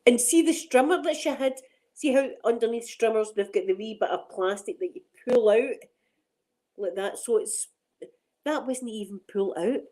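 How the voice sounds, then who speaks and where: A woman's voice: fairly high pitch, normal speed, warm tone, poor audio. A middle-aged Scottish woman hosting a casual chat on her ASMR channel, rambling and laughing often.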